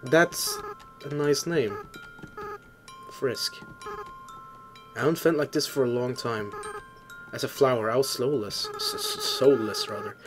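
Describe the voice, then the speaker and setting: A man reading game dialogue aloud as a remorseful young goat-monster boy, soft and halting. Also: medium pitch, music in the background, close to an everyday voice. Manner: soft, halting, stumbling over words.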